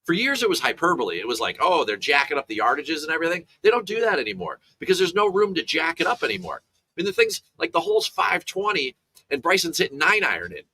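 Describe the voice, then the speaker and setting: A man's voice: on the high side, big pitch swings, quick pace, bright, forceful tone, breathy edge. A man analyzing golf for betting in a casual chat, telling rambling stories full of restarts and asides.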